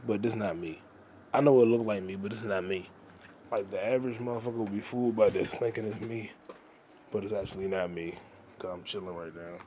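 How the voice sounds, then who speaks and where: A young man with a fairly low, warm voice hosts a podcast solo, rambling casually in a crude, profane, joking stream of consciousness. There's slight background noise.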